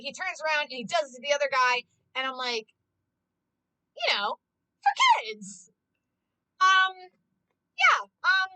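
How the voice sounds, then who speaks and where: A passionate woman ranting on a live stream, full of swearing and "like". Her voice sits high and bright and swoops about with big energy, with a dry sound. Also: no room sound, poor audio. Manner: excitable, swears a lot, heavy use of "like". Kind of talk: casual live-stream chat.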